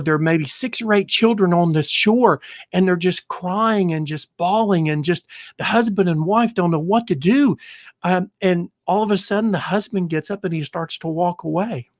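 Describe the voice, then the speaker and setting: A man's voice: high-pitched, no echo, clean studio sound. A man hosting a retirement planning show, talking straight to his viewers and telling a long parable in an earnest, repetitive way. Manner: earnest storytelling, repeats himself when telling a parable. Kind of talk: direct-to-camera talk.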